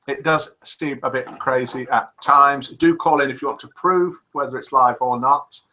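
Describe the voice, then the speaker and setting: A man's voice: mid-range voice, moderate pace, sharp tone, poor audio. A man over fifty hosting a live online chat show, chatty and teasing as he reads out viewer comments. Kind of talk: casual live-stream chat reading out messages.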